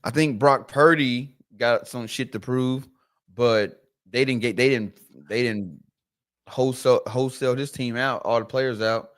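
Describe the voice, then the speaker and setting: A man's voice: mid-range voice, unhurried. A man co-hosting a podcast, chatting casually about sports, restarting phrases and acting out the people he quotes. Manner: animated storyteller, acts out quoted voices, repeats words. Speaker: podcast co-host.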